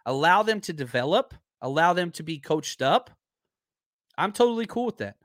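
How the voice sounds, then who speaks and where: A man hosting a podcast in a casual, rambling chat, his voice hoarse and worn out. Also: fairly high pitch, very animated, moderate pace, fairly bright tone, dry recording, clean studio sound. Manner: rambling, chatty, searches aloud for names. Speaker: podcast host. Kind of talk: casual live-stream chat.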